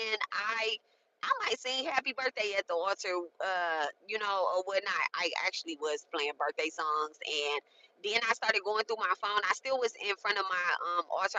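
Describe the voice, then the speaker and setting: A woman's voice: medium pitch, pushed and bright, low-quality recording. A woman in her late thirties talking casually and emphatically through a spiritual ritual, often checking in with her listeners. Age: 30s. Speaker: spiritual content creator. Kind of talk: casual spoken ritual walkthrough.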